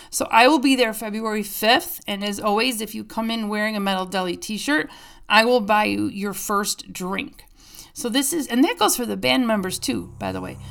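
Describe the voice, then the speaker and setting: A woman hosting a music podcast, chatting casually and gushing about the bands she plays, with quick asides. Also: on the high side, creaky, fairly bright tone. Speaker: podcast host.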